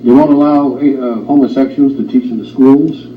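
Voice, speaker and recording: A man's voice: medium pitch, fairly even intonation, moderate pace. A man hosting a studio discussion, asking pointed questions in an emphatic way. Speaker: host. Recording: roomy, distant, dull old studio tape with faint hiss.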